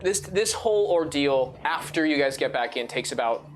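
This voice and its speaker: A man's voice: on the high side, lively intonation, moderate pace, a little hiss or hum. A man narrating as dungeon master, rambling with lots of fillers and restarts. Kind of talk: narrating a tabletop game.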